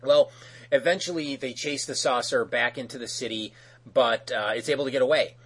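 A man's voice: medium pitch, moderate pace, slightly rough. A man casually recapping a cartoon episode as podcast host, rambling with many fillers.

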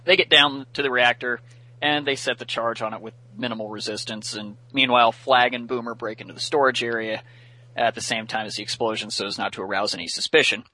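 A chatty man walking through a cartoon episode in a loose, casual recap, laughing often and full of fillers. His voice is bright and forward, with a dry, close sound and no room echo. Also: medium pitch, fairly even intonation, brisk.

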